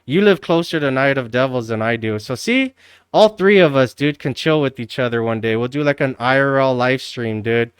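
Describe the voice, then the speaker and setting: Male streamer, loose profane chatter, middle pitch, clean resonant tone. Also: normal speed, smooth, no echo, clean studio sound. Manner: rambling, profane, says "dude" constantly. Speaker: livestreamer. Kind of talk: casual livestream chat.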